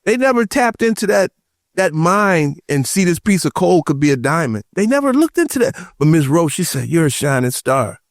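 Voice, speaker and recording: A man on a podcast panel telling personal stories in casual chat, animated and acting out the voices of the people he quotes. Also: high voice, normal speed, no echo, studio quality. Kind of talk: casual roundtable chat, storytelling.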